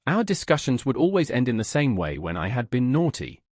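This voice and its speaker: Male audiobook narrator, husky timbre, animated pitch, close dry recording. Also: a little fast, no room sound. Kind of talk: scripted narration of a classic tale.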